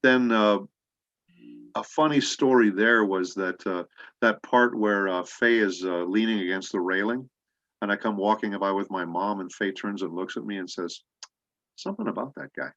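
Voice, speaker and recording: Low-voiced man telling rambling anecdotes. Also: steady tone, a bit bright, no room sound. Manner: rambling anecdotes with many pauses. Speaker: voice actor guest. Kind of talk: casual interview storytelling. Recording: dull lo-fi audio.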